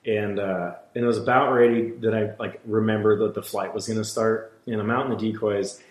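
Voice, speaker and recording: A man's voice: lowish voice, fairly even intonation, brisk. A man who works as a hunting guide, telling stories bluntly in casual podcast talk, swearing freely and acting out the dialogue. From Washington State, USA. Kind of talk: casual storytelling. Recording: roomy echo.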